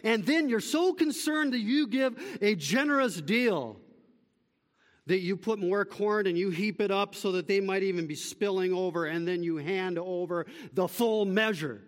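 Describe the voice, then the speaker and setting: A man preaching a sermon as pastor, emphatic, swinging between loud calls and quiet, slow summaries. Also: high-pitched, long reverb tail.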